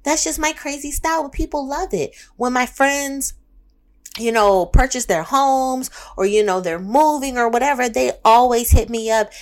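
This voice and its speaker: A woman's voice: high-pitched, normal speed. Fiery, profane woman in her thirties. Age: 30s. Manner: profane, emphatic, repetitive and fired up. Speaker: self-help speaker. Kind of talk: candid motivational monologue.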